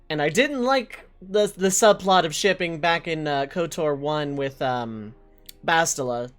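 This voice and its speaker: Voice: medium pitch, fairly bright tone. A streamer giving casual, wry let's play commentary. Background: game music.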